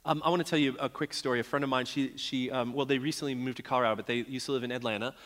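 A man's voice: mid-range voice, fairly even intonation, very fast, a bit bright, big-room sound. A man preaching a sermon in a casual, storytelling way, with frequent fillers and restarts. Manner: conversational, storytelling, many fillers.

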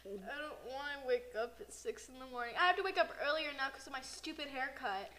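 A woman's voice: high-pitched, animated, fairly quick, pushed and bright. A teenage girl co-hosting a casual podcast, blunt and a bit sulky in her banter. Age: teens. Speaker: podcast co-host, daughter. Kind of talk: casual chat.

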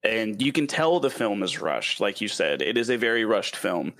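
A man with a Southern US accent talking through a film in a casual review chat, lively and quick to laugh. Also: lowish voice, no room sound. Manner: animated, laughs often, stumbles over names.

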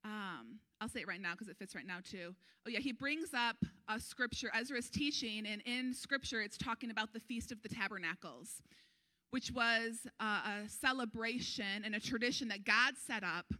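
A woman pastor preaching a sermon, earnest and animated, urging her congregation on. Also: normal speed. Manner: animated, acts out crowd voices with sudden high pitch.

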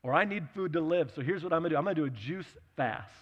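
A man in his thirties preaching, telling a personal story in a chatty, animated way and acting out the dialogue. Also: a little high, quick pace, long reverb tail, highs cut off.

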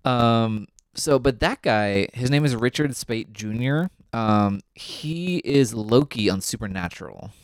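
A chatty man talking through a TV episode with his co-host, his pitch bouncing up and down as he goes. He laughs often and fills pauses with ums. The recording is close and dry, with no room sound. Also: expressive, smooth, dry recording. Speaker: podcast co-host recapping an episode. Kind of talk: casual chat.

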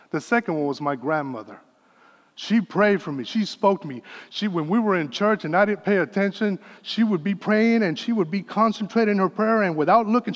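High-voiced pastor preaching, long reverb. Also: male voice. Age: 50s. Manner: earnest preaching, folksy asides. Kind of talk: sermon.

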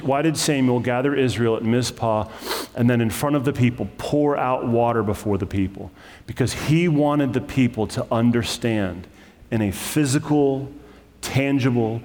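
A man's voice: mid-range voice, darkish tone, long reverb tail. A man preaching as a pastor, conversational and full of asides, explaining scripture to his congregation. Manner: conversational, with asides and self-corrections. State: choked up with emotion. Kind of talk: sermon.

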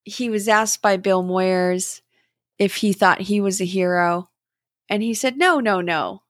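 A middle-aged woman hosting a podcast, speaking in a slow, gentle and contemplative way about spiritual growth. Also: medium pitch, no room sound, studio quality. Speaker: podcast host. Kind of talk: reflective spiritual talk.

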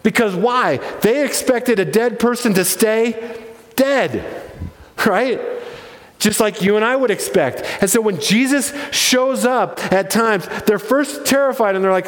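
A man preaching a sermon as pastor. He talks emphatically and slows down to stress key points. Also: high voice, expressive. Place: church. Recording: reverberant church hall.

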